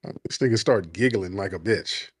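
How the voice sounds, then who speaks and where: A man's voice: deep voice, a little fast, breathy edge, dry recording, studio quality. A man hosting a live call-in show, brash and profane, teasing callers with laughter. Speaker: show host.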